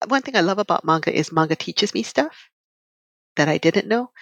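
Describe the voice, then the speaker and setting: A woman chatting on a podcast panel, lively and expressive, laughing easily. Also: lowish voice, moderate pace, no echo, lo-fi sound. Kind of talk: casual chat.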